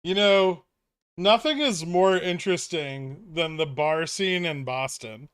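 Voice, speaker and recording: Male streamer host, higher-pitched smooth voice, dry close mic, crude joking banter with chat. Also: slow, fairly bright tone, dry recording. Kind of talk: casual live-stream chat.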